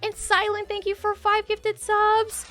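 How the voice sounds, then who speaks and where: A woman hosting a live stream before a tabletop game, chatting with her viewers in an excitable, giddy way, laughing and exclaiming often. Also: very high-pitched, measured pace, soft background music.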